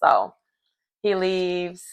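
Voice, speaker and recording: A woman recapping a reality show episode in casual chat, animated and acting out what people said. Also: on the low side, drawn-out words, gravelly, smooth, lo-fi sound. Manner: animated storyteller acting out quotes.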